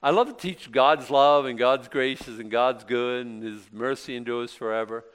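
A man delivers a sermon in a relaxed, conversational way. He asks questions and answers them himself, often breaking into emphatic bursts before dropping back to a softer tone. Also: medium pitch, normal speed, smooth. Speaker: pastor.

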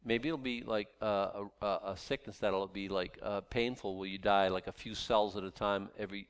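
A man's voice: lowish voice, clear, resonant tone. Stammering conversational preacher man. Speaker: pastor. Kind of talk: sermon.

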